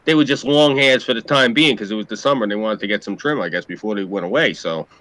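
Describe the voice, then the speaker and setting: A man's voice: on the low side, fast talker, a bit bright, no room sound. A man with a New York accent, casually telling rambling, profane stories as a podcast host. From New York City area. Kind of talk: casual storytelling chat.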